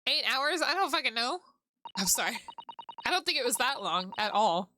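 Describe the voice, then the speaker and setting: A woman's voice: fairly high pitch, very animated, moderate pace, sharp tone, slight background noise. A woman streamer chatting casually while playing a game, giggling and swearing freely. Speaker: VTuber streamer.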